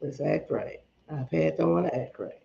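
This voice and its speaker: A woman's voice: low-pitched, normal speed, gravelly, warm tone, muffled recording, slight background noise. A woman hosting a casual livestream, chatting with viewers and greeting them one by one, her voice a little shaky. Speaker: livestream host. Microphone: iPad and phone at arm's length.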